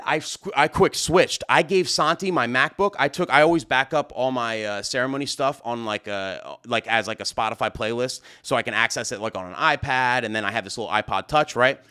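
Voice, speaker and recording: A man hosting a live stream, telling a story in a casual, animated way with lots of fillers. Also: medium pitch, moderate pace, few pauses. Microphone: studio mic at a desk.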